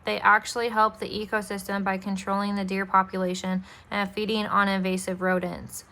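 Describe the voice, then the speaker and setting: A woman voicing a calm, caring mother, with gentle, steady delivery. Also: mid-range voice, brisk.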